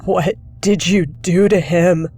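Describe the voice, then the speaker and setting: A woman voicing a distraught teenage boy grieving a friend, shouting in a strained, tearful voice. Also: fairly low pitch, slow, breathy edge, soft background music. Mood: anguished. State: choked, tearful.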